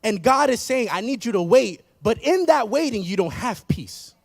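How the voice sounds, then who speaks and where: A man in his thirties preaches with a high voice that catches into a gravelly fry. He builds through repeated phrases with emphatic force, and the sound is dry and close with little room around it. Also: expressive, moderate pace, dry recording. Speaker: pastor. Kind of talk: sermon. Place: church.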